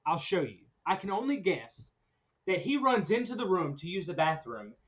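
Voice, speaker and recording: A man hosting a podcast, telling a story in a casual chat, animated and often laughing as he goes. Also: high voice, normal speed. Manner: animated, laughs through his own story. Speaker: podcast host. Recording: dull lo-fi recording.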